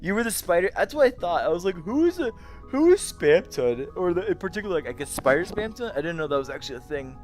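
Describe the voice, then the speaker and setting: A young man worn out and yawning, chatting loosely with his viewers late into the night. His voice sits a little high and jumps around a lot as he rambles. Soft music plays faintly underneath. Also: lively intonation, rapid-fire, few pauses. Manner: sleepy, rambling, giggly, greets chat by name. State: very tired, yawning. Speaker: VR streamer. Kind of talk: late-night casual livestream chat.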